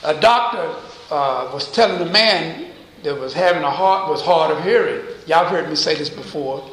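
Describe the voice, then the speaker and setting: A man preaching a sermon as pastor, pausing to quiz his congregation with call-and-response questions. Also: fairly high pitch, a bit bright, echoey room, poor audio. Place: church.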